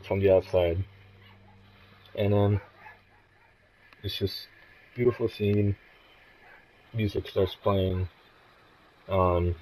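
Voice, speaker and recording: A man's voice: fairly low pitch, warm tone, low-quality recording. A young man casually retelling events from a video game, rambling with lots of "like" and restarts. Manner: rambling, many fillers and restarts. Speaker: gamer retelling a story. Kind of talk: casual spoken recap.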